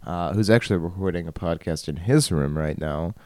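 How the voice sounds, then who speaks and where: A man's voice: sits low, a little fast, warm tone, dry recording. A young man in his twenties, from Michigan, hosting a solo podcast from his bedroom, rambling with frequent laughs and self-deprecating asides. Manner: self-deprecating, laughs often, trails off and restarts. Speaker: podcast host. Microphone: studio microphone at a computer.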